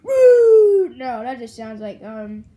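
A young woman voicing a goofy male animatronic bear plush who brags about scaring kids and practises roars, in slow toy play-acting. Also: high-pitched, very animated, dark tone, dull audio, slight background noise, voice pushed down, exaggerated voice. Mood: playful, boastful. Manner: boastful, clumsy, rehearses roars.

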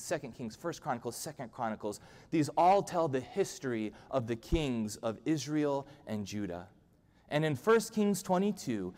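A man's voice: medium pitch, darkish tone. A male pastor giving a humorous, conversational sermon in a church. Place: church sanctuary. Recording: long church-hall reverb.

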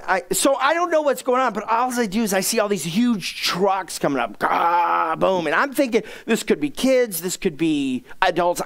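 A man's voice: high voice, creaky. A middle-aged man, a pastor, telling a humorous personal story in a sermon, self-mocking and acting out the people he quotes. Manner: animated, self-mocking, acts out quoted dialogue.

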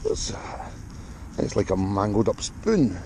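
A man's voice: lowish voice, sing-song, slow, gravelly, warm tone, a little hiss or hum, low-quality recording. A Scottish man in a cold field, giving upbeat, chatty running commentary to his viewers as he digs for finds. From Scotland. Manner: chatty, upbeat, talks straight to the viewers while digging. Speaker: metal detecting vlogger.

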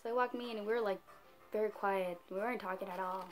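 A teenage girl telling a storytime in a chatty, animated way, full of "like" and "whatever". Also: medium pitch, fast talker. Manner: chatty, animated, heavy use of "like". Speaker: vlogger. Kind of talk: casual storytime.

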